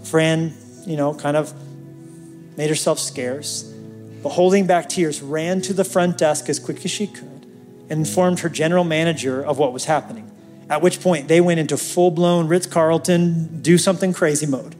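A man's voice: a little high, steady tone, normal speed, darkish tone, soft background music. A man preaching a sermon as pastor, telling a story and building to fervent calls to the congregation.

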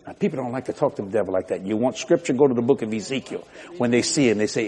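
A man's voice: medium pitch, racing, mellow, slightly rough. An older man preaching a sermon, telling folksy stories with laughter and mimicry. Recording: long hall reverb.

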